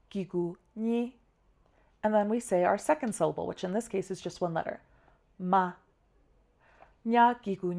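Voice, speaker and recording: A woman teaching a language lesson, walking through spelling slowly step by step and repeating each example. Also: mid-range voice, warm tone. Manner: patient, slow step-by-step spelling drills.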